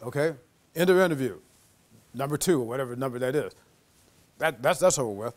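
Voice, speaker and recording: A man giving a lecture as an animated storyteller, acting out the voices of the people in his anecdote. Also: mid-range voice, fairly quick. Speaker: guest lecturer.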